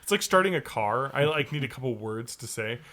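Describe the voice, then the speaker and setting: A man's voice: mid-range voice, expressive, brisk, pushed and bright. A man in his thirties co-hosting a casual podcast chat, jokey and profane, often slipping into silly voices. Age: 30s. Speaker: podcast co-host.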